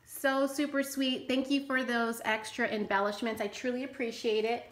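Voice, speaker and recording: Gushing woman host, slightly high voice. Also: little pitch movement, moderate pace. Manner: gushing and enthusiastic, frequent exclamations. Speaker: channel host. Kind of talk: casual unboxing vlog.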